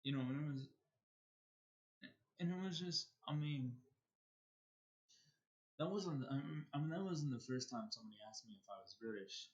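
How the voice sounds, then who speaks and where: A man's voice: medium pitch, moderate pace, pauses often. Rambling male streamer, dull mic. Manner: rambling, restarts sentences often. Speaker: livestreamer. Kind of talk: casual storytelling while streaming.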